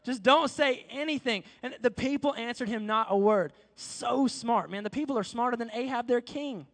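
A man preaches in a large hall, his very high voice trailing off in long reverb. He tells the story in a lively, slangy way and acts out the dialogue as he goes. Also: moderate pace. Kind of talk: sermon.

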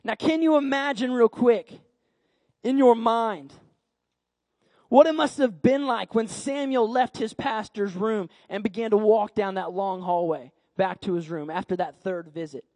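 High-voiced male preacher telling a story. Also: dry recording. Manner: animated, repetitive, dramatic pauses. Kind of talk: sermon storytelling.

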